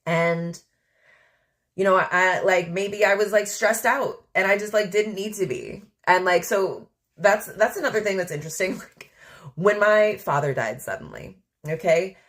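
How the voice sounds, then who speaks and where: A woman's voice: mid-range voice, normal speed, fairly bright tone. A woman hosting a podcast, talking through her thoughts in a rambling, candid monologue full of fillers. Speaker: podcast host. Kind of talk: casual reflective monologue.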